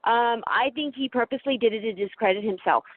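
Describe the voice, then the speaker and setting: A woman's voice: fairly high pitch, fairly quick. Hesitant woman caller on a phone line. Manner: hesitant, stammering, restarts often. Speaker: guest caller. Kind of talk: phone-in podcast conversation. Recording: dry tinny phone line.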